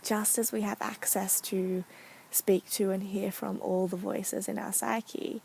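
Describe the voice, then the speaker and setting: Woman, mid pitch, gravelly fry, soft reflective delivery with pauses, faint background hiss. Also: poor audio. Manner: soft-spoken, thoughtful, many pauses and fillers. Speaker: speaker sharing a therapeutic practice. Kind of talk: casual reflective talk to camera.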